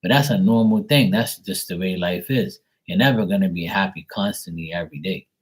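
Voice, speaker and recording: A man running a live tarot stream, chatting and rambling in a casual, loose way. His voice sits a bit low, and he swears freely and laughs often as he talks. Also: fairly quick, slightly rough, low-quality recording. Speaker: tarot reader.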